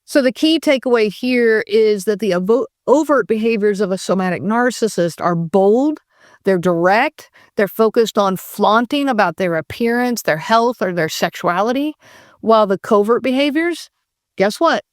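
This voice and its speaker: A woman's voice: medium pitch, expressive, normal speed, no room sound, clean studio sound. A woman hosting a podcast, explaining in a conversational way with fillers and restarts. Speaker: podcast host.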